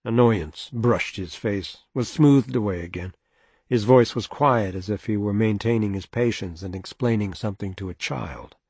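A man reads a novel aloud in a measured, even manner, with a husky voice. The recording is dry and close, with no room sound. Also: lowish voice, no echo. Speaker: audiobook narrator. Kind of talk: scripted narration.

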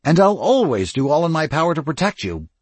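A man voicing a blunt, brawny ancient male vampire, speaking rough and forceful. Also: medium pitch, sing-song, moderate pace, no room sound. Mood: impassioned.

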